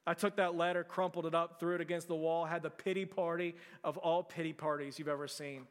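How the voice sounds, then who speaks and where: A man's voice: a little high, level tone, brisk, clear, resonant tone, in a large hall. A man in his forties from Texas, preaching a sermon as pastor in a conversational storytelling way, often restarting his sentences.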